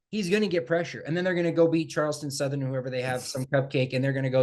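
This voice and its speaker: A man co-hosting a casual sports podcast, talking in an animated, emphatic way and repeating phrases for effect. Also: a little high, very fast, hardly any pauses. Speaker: podcast co-host.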